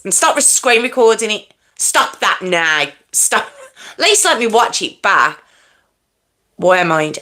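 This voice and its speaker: A woman chats live with her viewers from home in a bright, clear voice. She talks loosely and mocks herself, with frequent laughs. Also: fairly high pitch. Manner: chatty, self-mocking, laughs often. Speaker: livestream host. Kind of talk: casual live chat with viewers. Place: at home with a fan nearby.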